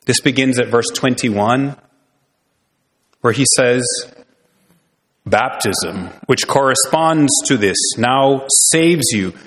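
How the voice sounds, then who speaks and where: A man's voice: medium pitch, slow, long pauses, fairly bright tone. A man preaching a sermon as pastor, earnest, with many rhetorical questions. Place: church sanctuary. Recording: long reverb in a church hall.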